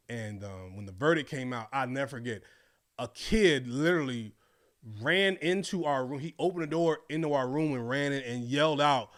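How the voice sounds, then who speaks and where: A man, hosting a casual commentary podcast and telling stories with animated swings in voice. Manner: animated storytelling, swings loud and high when recounting reactions. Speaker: podcast host.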